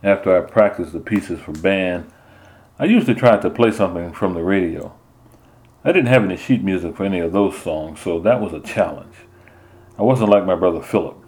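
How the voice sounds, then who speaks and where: A man narrating a first-person story in a measured storytelling manner. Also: low-pitched, a little mellow. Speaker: audiobook narrator.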